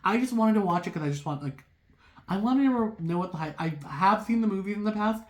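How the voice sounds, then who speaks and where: Rambling, excitable tarot reader. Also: mid-range voice, brisk. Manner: rambling, heavy use of "like"; excitable, talks through racing thoughts. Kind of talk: casual tarot reading to viewers.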